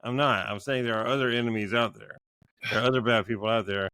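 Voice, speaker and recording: Male co-host, combative debater, mid-pitched, dry close sound. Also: steady tone, fast talker, sharp tone, clear, resonant tone, no room sound. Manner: argumentative, repeats words when interrupted. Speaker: podcast co-host. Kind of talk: heated political debate.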